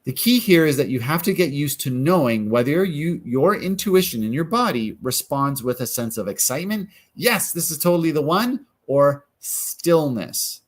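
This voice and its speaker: A man coaching viewers through a decision exercise in a calm, guiding way, often acting out the questions people ask themselves. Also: mid-range voice, moderate pace, hardly any pauses. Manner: calm, guiding, acts out inner questions in quotes. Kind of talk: guided self-help coaching.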